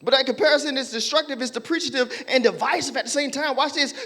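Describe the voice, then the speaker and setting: A male pastor delivers a lively sermon, his voice sitting unusually high. His pitch leaps around as he acts out church folks' voices and jokes with the congregation. Animated and playful, he keeps the room laughing. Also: brisk, hardly any pauses.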